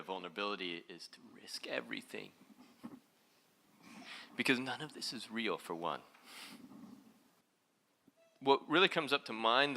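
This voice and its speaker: A man with a very bright, ringing voice gives an inspirational talk on stage. He is playful and animated, his pitch and volume leaping as he puts questions straight to the crowd. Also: gravelly. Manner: playful and animated, with big jumps in pitch and loudness; addresses the audience directly with questions. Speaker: motivational speaker.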